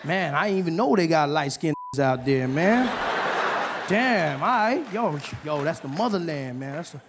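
A man's voice: a little high, lively intonation, normal speed, noisy background, voice pushed up. A man voicing a brash young American comedian who fumbles and talks in loose street slang, played from an old stage recording. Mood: awed.

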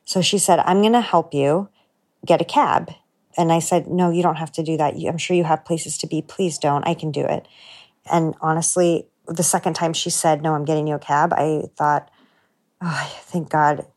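A woman's voice: low-pitched, fairly even intonation, normal speed, darkish tone. A woman telling a heartfelt personal story in an earnest, reflective way, dropping her voice for her own inner thoughts. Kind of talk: personal story told to a producer.

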